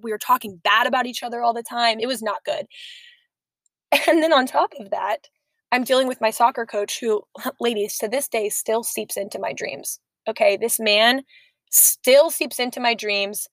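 A young woman co-hosting a podcast, telling stories in a chatty, animated way. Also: fairly high pitch, dry recording. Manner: chatty, storytelling, animated asides. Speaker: podcast co-host. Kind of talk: casual chat.

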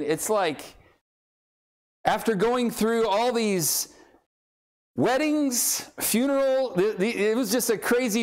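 Middle-aged male preacher, higher-pitched voice, sermon delivery, acts out characters as he tells the story.

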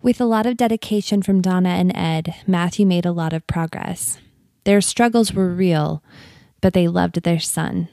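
A woman narrates a documentary from a script, measured and even. Her voice is low, dark and gravelly, and it sounds dry and close. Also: no echo.

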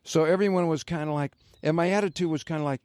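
A man's voice: on the high side, quick pace, darkish tone, no echo, clean studio sound. An older man and former radio host, telling rambling stories in casual podcast chat with many fillers.

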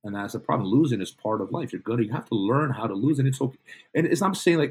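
A man's voice: medium pitch, lively intonation, fast talker, a little mellow, breathy edge. A man talking as a podcast guest in a casual interview, stressing his points emphatically and repeating phrases for weight. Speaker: podcast guest, jiu-jitsu instructor.

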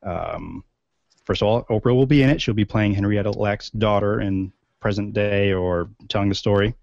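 A man's voice: fairly low pitch, normal speed, gravelly, a little mellow, no echo. A man co-hosting a podcast in casual chat, rambling with many fillers and restarts. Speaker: podcast co-host. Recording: dull, lo-fi sound.

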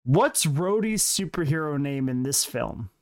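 A man's voice: a little high, lively intonation, a little slow. Teasing man quizzing like a teacher. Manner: teasing, mock-teacher tone, laughs often. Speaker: podcast co-host running a quiz. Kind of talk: casual chat.

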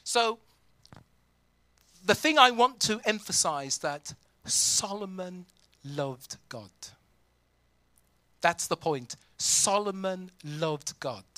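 Pastor guy preaching slow, bright tone, dry close sound, acts out little prayers. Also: high-pitched, dry recording. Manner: animated preaching, acting out imagined prayers, fillers. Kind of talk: sermon. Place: church.

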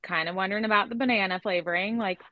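A woman from Illinois hosting a casual podcast chat, chatty and quick to laugh, with lots of fillers. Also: medium pitch, dry recording, dull audio. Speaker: podcast host.

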